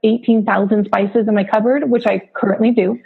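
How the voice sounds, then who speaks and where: A woman's voice: a little high, steady tone, fairly quick, creaky, husky. A woman in her thirties from Hawaii, a food blogger chatting as a podcast guest, full of fillers and easy laughs. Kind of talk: casual interview chat. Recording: phone-like remote line.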